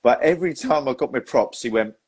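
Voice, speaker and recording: A man's voice: medium pitch, expressive, a little fast, darkish tone, slightly rough. A man hosting a podcast, telling stories in a chatty way and laughing often. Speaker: podcast host. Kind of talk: casual chat.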